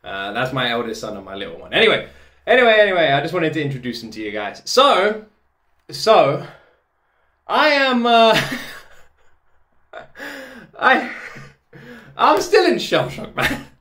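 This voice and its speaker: A woman hosting a reaction video from her home office, talking casually and excitedly, exclaiming and laughing often. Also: low voice, measured pace, pauses often.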